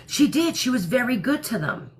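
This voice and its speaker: A woman's voice: on the high side, big pitch swings, moderate pace, slight background noise. Blunt New York-area woman live-streaming. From New Jersey. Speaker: livestream host. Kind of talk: casual livestream chat, reacting to viewer comments.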